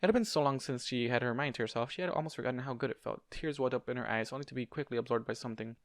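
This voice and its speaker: A man reads a fan story aloud in an amateur audiobook style, with a mid-pitched, ordinary voice. He trips over words and restarts them, and now and then breaks off for a casual aside. The sound is dry and close to the mic. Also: racing, no echo. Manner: stumbles and corrects himself, adds casual asides. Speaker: fanfiction reader.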